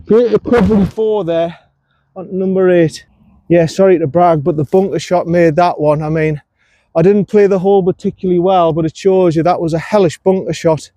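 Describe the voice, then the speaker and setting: Man, high pitch, dry close sound, outdoor golf commentary, coaching himself. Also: steady tone, moderate pace, warm tone, no echo, highs cut off. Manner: talks to himself and the viewer between shots, self-coaching. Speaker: golf vlogger. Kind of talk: casual on-course commentary.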